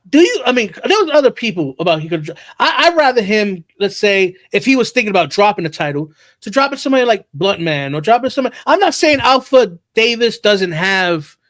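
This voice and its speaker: A man's voice: high-pitched, big pitch swings, a little fast, fairly bright tone, dry recording, clean studio sound. A man hosting a casual podcast, who rambles and repeats words as he starts his thoughts. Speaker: podcast host.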